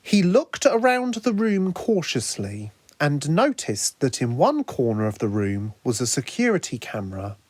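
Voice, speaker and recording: A man narrating his own fan story in a lively storytelling manner. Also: on the high side, unhurried, few pauses, dry recording. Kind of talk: fan audiobook reading.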